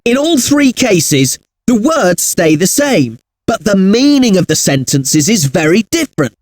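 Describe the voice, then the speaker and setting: A man playing a friendly punctuation tutor, presenting educational software in an upbeat, chatty way, talking straight to the user. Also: sits high, no echo.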